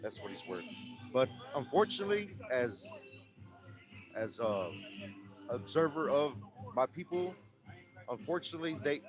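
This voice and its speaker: Man with halting, earnest speech over music. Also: medium pitch, expressive, low-quality recording. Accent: Texan. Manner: earnest, halting with many restarts. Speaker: interviewee. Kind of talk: street interview answers.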